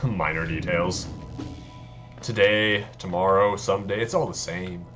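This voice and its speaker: A man's voice: deep voice, a little slow, music in the background. A man streaming a video game, chatting casually and poking fun at his own play while answering his viewers. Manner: self-deprecating, talks to chat. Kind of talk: casual let's-play chat.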